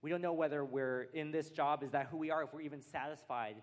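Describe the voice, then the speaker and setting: A man's voice: fairly high pitch, steady tone, fast. An American man, a pastor, preaching a sermon in a church hall, earnest and building his points through repeated phrases. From United States. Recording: long hall reverb.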